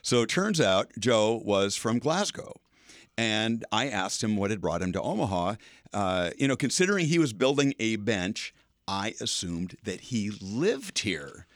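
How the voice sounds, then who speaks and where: A man's voice: fairly low pitch, very animated, measured pace, dry recording, studio quality. An older man hosting a radio segment, telling a casual, chatty story with curious asides and frequent laughs. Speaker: radio feature host.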